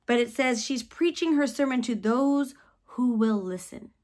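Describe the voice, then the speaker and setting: A woman's voice: on the high side, measured pace, darkish tone. A woman giving a mid-week church devotion in a conversational way, reading Bible passages aloud and asking her listeners questions.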